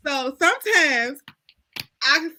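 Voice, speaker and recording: High bright-voiced woman telling animated stories. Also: extremely slow. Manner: animated storyteller acting out dialogue, laughing often. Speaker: panel host. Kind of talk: casual storytelling chat.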